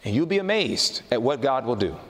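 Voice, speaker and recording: A man preaching a sermon, telling a story with lively, animated delivery and slowing down to make his points. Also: medium pitch, crowd noise. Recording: reverberant hall.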